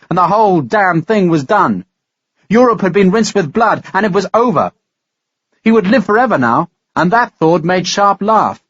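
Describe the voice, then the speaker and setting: A man narrating a historical audiobook in a measured, dramatic reading style. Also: high voice, fairly bright tone, dry recording, dull audio. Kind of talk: scripted narration.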